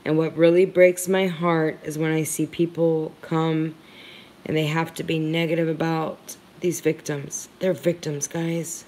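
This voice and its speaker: A woman's voice: sits low, little pitch movement, a little slow, darkish tone. A woman hosting a livestream, talking to her viewers in an earnest, heartfelt and emphatic way. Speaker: livestream commentator. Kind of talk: emotional commentary livestream.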